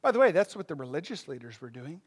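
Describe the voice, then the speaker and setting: Casting: male pastor, higher voice, easygoing sermon delivery that swells into emphatic points. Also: big pitch swings, fast, slightly rough. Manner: conversational preaching, rising emphatic bursts, asks congregation questions.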